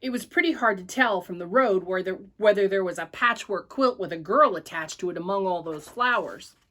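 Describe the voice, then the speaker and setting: A woman reading a children's story aloud at church with an expressive, animated delivery. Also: mid-range voice, fairly quick.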